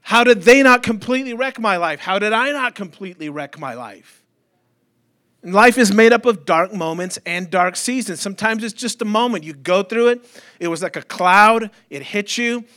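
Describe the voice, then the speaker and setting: Bright, high-voiced man preaching a sermon. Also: expressive, moderate pace. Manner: conversational preaching with rhetorical questions and humor. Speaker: pastor. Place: church.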